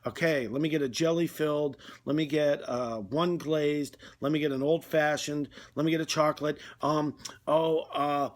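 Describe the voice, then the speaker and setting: A man's voice: a little high, fairly even intonation, moderate pace, few pauses, natural voice. A man acting out a flustered male customer who stammers and hesitates while panicking over a donut order. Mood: panicked.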